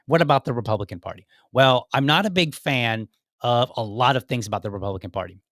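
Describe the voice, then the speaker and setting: Male podcast host, mid-pitched, rambling solo commentary, dry close sound. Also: quick pace, dry recording. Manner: rambling and animated, with frequent restarts and acted-out quotes. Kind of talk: casual political commentary.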